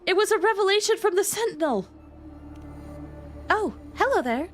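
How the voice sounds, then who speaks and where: A woman's voice: very high-pitched, animated, normal speed, faint music behind, pitched above the performer's own voice. A woman voicing a devout young female acolyte who speaks with earnest, fervent reverence.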